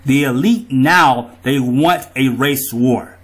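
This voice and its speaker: A man's voice: medium pitch, takes it slowly, hardly any pauses, a bit bright. A man in an angry monologue to his viewers, riled up, profane and ranting. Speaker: vlogger.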